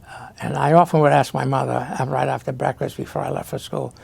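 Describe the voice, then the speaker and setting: A man reminiscing in an interview, halting and full of fillers. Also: mid-range voice, flat delivery, creaky, darkish tone, breathy edge. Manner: halting, filler-heavy recollection.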